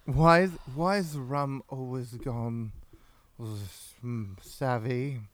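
A man's voice: medium pitch, takes it slowly, a bit bright. A man putting on a British accent to play a drunken swaggering male pirate with a slurring, sly, teasing manner. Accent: put-on British.

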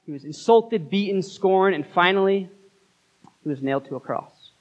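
A man preaching a sermon as pastor, earnest, with dramatic pauses. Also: sits high, expressive, lo-fi sound.

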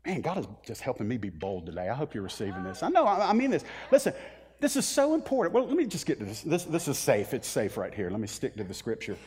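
A man preaching a sermon as pastor, animated, dropping to a hush and then rising to loud, pleading lines. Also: mid-range voice, fast, husky. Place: church sanctuary.

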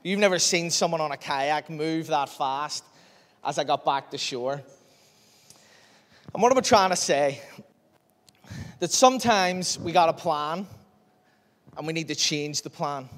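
A man preaches in a church hall, telling stories with animated energy and acting out every line of dialogue. His voice sits a little high, and a long reverb trails behind it. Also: unhurried, pauses often. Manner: lively, animated storyteller who acts out dialogue. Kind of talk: storytelling sermon.

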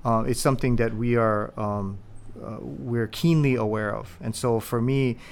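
A man hosting a podcast in Hawaii, introducing his guest in a casual, rambling way and acting out quotes with lively energy. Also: mid-range voice, normal speed, creaky, a little hiss or hum. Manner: rambling, animated retelling with acted-out quotes. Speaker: podcast host.

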